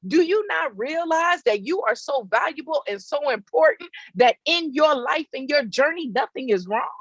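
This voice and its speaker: A woman's voice: high voice, expressive, moderate pace, dry recording, highs cut off. A woman giving a faith-based motivational talk outdoors, emphatic and repetitive, often checking in with her listeners. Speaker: motivational speaker. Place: outdoors in hot weather.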